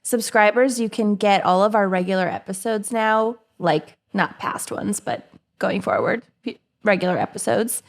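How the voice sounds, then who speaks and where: A woman's voice: medium pitch, animated, normal speed. A young woman hosting a casual podcast chat, laid-back and giggly, rambling with fillers. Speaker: podcast host.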